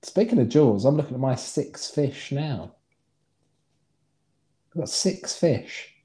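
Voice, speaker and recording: A man's voice: medium pitch, expressive, takes it slowly, warm tone. A man co-hosting a podcast, teasing and bantering playfully in casual chat. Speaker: podcast co-host.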